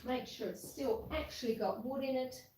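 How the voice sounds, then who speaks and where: A woman's voice: high-pitched, fairly even intonation, normal speed, echoey room, heavy background noise. A woman homesteader chatting casually with viewers of her live cooking stream as she bakes and tidies up in her home kitchen, talking them through each step in a homely way. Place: home kitchen with a wood stove.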